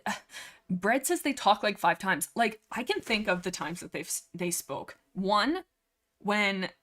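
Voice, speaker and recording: A woman's voice: mid-range voice, expressive, unhurried, fairly bright tone. Young woman yapping on a livestream, sarcastic and rambly. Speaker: streamer. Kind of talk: casual livestream book discussion.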